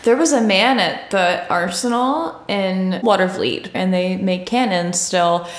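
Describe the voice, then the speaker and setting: A woman co-hosting a podcast in casual chat. She is giggly and excitable and often trails off mid-sentence. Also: mid-range voice, unhurried, roomy sound. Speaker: podcast co-host.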